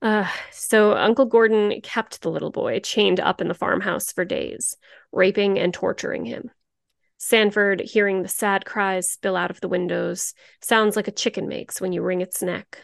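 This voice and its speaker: A woman co-hosting a true-crime podcast, reading the story in a steady, grim narration. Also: mid-range voice, moderate pace, creaky, dry recording, studio quality. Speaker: podcast co-host.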